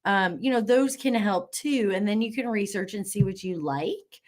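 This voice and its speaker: A woman's voice: mid-range voice, normal speed, a little mellow. A woman hosting a live online class, bubbly and encouraging, reading out viewer comments with lots of fillers.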